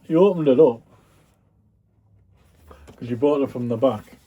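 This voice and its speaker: A man's voice: mid-range voice, measured pace, breathy edge, narrow, tinny audio. A man talking casually to his viewers about items he resells, rambling with frequent ums and the odd yawn. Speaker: reseller vlogger. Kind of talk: casual chat.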